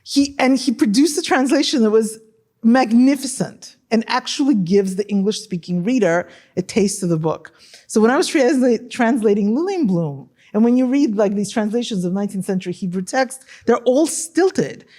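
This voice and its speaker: A woman scholar speaking on a panel discussion about translation, animated and emphatic, often tagging her points with questions. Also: a little high, moderate pace.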